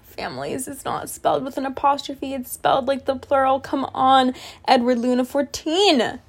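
A young woman reading fan fiction aloud with sarcastic, swearing, animated comedic asides. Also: high voice, moderate pace. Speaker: comedic reader.

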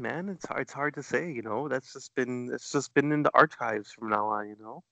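A man's voice: medium pitch, moderate pace, gravelly, few pauses, bright, forceful tone, no echo, highs cut off. A man from Chicago, a guest on a podcast, chatting casually with jokes and lots of restarts. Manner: joking, repeats and restarts words.

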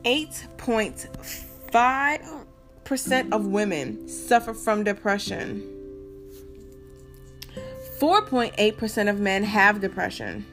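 A woman's voice: mid-range voice, slow, long pauses, music in the background. A young woman talking candidly to her viewers in a casual vlog, interrupted now and then by hiccups. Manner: candid, talks straight to viewers. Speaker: vlogger. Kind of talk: casual talk to camera.

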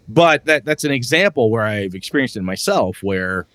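A man's voice: mid-range voice, expressive, normal speed, fairly bright tone, no echo. A man co-hosting a podcast, chatting casually and rambling through stories while acting out his friends' lines. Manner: rambling storyteller who acts out friends' lines. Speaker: podcast co-host. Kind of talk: casual chat about tabletop gaming.

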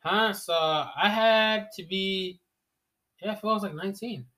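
A man's voice: high voice, unhurried. A young man in casual chat, swearing freely and telling stories with slang. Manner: profane, slangy, animated storytelling.

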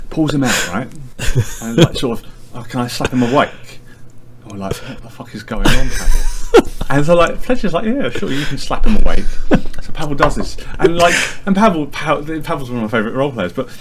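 A man telling a lively anecdote as a podcast guest, acting out his friends' lines. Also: mid-range voice, brisk, very noisy. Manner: animated storyteller, acts out friends' lines.

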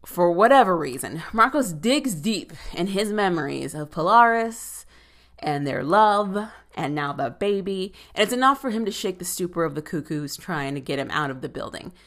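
A woman's voice: fairly low pitch, moderate pace. A woman casually recapping a TV episode, talking in sassy, profane asides with plenty of filler words. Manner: sassy, profane, animated commentary.

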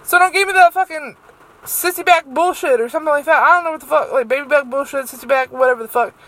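A woman's voice: high-pitched, quick pace, fairly bright tone, rough recording. A young woman hosting a solo podcast, rambling and swearing freely with lots of fillers. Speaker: podcast host.

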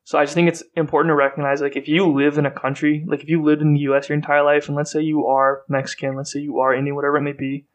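A man from the United States, co-hosting a podcast in casual chat, quick and full of fillers and restarts. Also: fairly high pitch, flat delivery, muffled recording. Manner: quick, filler-heavy talk with many restarts. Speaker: podcast co-host.

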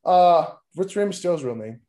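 Ranting, lively-voiced podcast co-host man. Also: sits high, normal speed, roomy sound. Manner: profane, ranting, swings into loud mock shouting. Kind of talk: casual wrestling podcast chat.

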